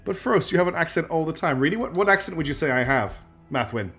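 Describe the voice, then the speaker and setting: A man's voice: on the high side, lively intonation, quick pace, a bit bright, faint music behind. Man streaming a space strategy game. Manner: thinks aloud while playing and answers chat. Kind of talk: live gameplay commentary.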